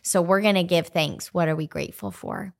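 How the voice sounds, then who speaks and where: A woman co-hosting a casual faith podcast, telling a family story in a candid, warm way. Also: fairly low pitch, a little fast, creaky. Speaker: podcast co-host.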